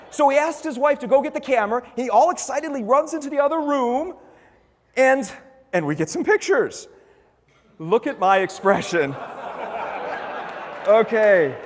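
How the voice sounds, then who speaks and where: A man giving a conference talk, telling a story in an animated way and acting out the voices of the people in it. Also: very high voice, moderate pace, long pauses, long reverb tail. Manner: animated, acts out quoted voices. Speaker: conference speaker.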